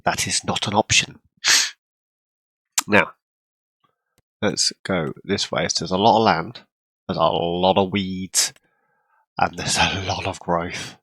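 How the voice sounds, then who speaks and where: A man casually commenting on his farming game, rambling with lots of ums and throat-clearing, hiccuping and coughing now and then. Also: low-pitched, fairly even intonation, slow pace, long pauses, sharp tone, no room sound. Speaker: farming game role-play channel host.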